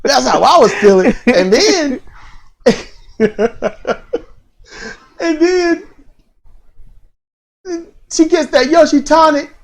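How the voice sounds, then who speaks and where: Animated, laughing wrestling podcast co-host. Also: high-pitched, very slow, pauses often. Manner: animated storyteller, laughing, mimicking others. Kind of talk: casual wrestling commentary chat.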